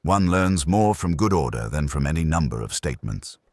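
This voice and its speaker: A man voicing a courteous, soft-spoken police inspector who probes politely. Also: very deep voice, animated, normal speed, no echo. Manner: gentle, polite, probing.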